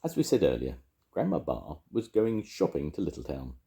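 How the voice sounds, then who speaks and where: An older man reading a children's story aloud, gently chatting with young listeners between lines. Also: extremely low pitch, big pitch swings, normal speed, creaky. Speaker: storytelling grandad.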